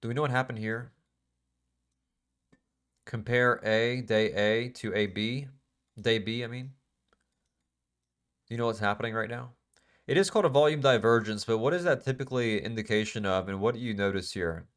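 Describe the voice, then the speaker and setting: A man's voice: medium pitch, normal speed, pauses often, a bit bright, clear, resonant tone. A man teaching a live trading class in a casual, emphatic way, repeating phrases and asking the class questions. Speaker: trading instructor.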